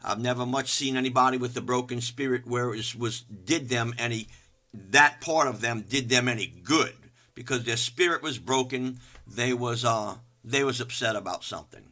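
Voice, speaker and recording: An older pastor delivers an energetic, folksy sermon, animated and self-mocking, swinging between loud outbursts and hushed asides. His voice is mid-range and his speed normal.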